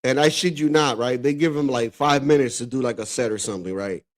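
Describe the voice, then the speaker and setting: A man's voice: mid-range voice, fairly quick. A man from the Dominican Republic hosting a stream, reacting to clips in loose, profane chat full of "bro" and frequent laughter. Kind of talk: casual reaction commentary.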